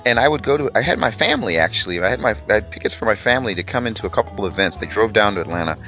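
A man guesting on a radio talk show, telling a story in an animated, laughing way. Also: fairly low pitch, very fast, soft background music. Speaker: guest teacher. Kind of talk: casual radio conversation.

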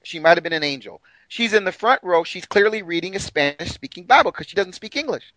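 A man's voice: high voice, lively intonation, fast talker, bright, forceful tone, no echo, rough recording. A man telling a long story in an emphatic way during a podcast conversation. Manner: emphatic, retells dialogue with exaggerated quoted voices. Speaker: guest.

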